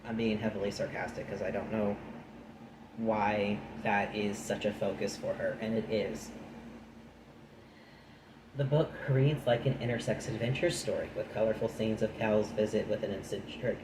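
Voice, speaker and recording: A man with a fairly low voice reads a nonfiction book aloud, then drifts into chatty, dry remarks of his own. The recording is echoey, with steady noise behind him. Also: moderate pace. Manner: breaks off from reading into chatty, dry asides. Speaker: channel host reading a book aloud. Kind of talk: reading a nonfiction book aloud with casual commentary.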